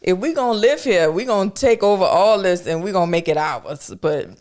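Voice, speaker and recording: A woman from New Orleans with a light New Orleans accent, a podcast guest telling lively stories in casual chat. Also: medium pitch. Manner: lively storyteller, quick bursts, animated quotes. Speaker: podcast guest, best friend.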